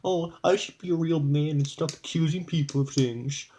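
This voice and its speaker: A man's voice: fairly high pitch, steady tone, moderate pace, mellow, a little hiss or hum, voice pushed up, natural voice. A man mocking a whiny paranoid stepdad. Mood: mocking whine. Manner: sneering mock-whine. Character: whiny paranoid middle-aged stepfather, mocked.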